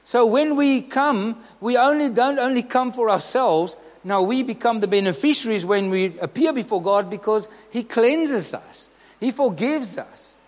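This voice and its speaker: A man's voice: very high voice, measured pace, big-room sound. A man preaching a sermon, earnest and emphatic, asking the congregation questions.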